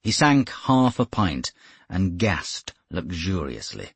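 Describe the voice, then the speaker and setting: A man reads a first-person novel in a measured, wry manner. His voice is low and husky, with lively rises and falls in pitch. The recording is close and dry. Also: no echo. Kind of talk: first-person audiobook narration.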